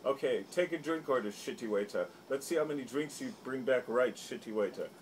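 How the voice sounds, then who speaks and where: A man's voice: medium pitch, brisk, slight background noise, close to an everyday voice, rough recording. A man impersonating a bullying, hulking blond male action star who mockingly taunts a waiter.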